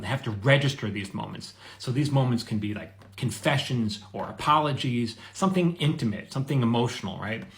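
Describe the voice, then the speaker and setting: A middle-aged man teaching screenwriting in a casual, conversational way, telling stories with quoted dialogue. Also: mid-range voice. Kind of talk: conversational advice monologue.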